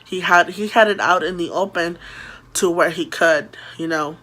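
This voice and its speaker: A woman vlogger telling a story in a casual, animated way, full of fillers and acted-out quotes. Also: on the low side, moderate pace. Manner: animated, filler-heavy retelling with quoted voices.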